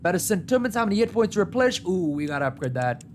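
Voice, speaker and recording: Animated male streamer with lively pitch. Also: very fast, a little hiss or hum. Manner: animated, joking trash talk at enemies, big pitch swings. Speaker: gaming streamer. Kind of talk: live gameplay commentary.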